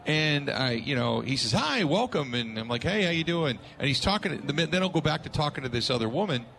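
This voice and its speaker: A man's voice: mid-range voice, quick pace. A male sports talk radio host telling an anecdote, laughing and acting out what people said. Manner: animated, laughing storyteller acting out quotes.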